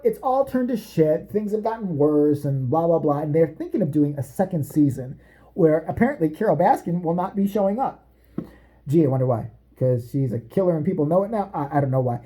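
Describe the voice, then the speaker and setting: Woman vlogger, swearing sarcastic rant, swooping animated pitch, mellow tone. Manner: foul-mouthed, animated, sarcastic, jumps between topics. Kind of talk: profane comedic rant.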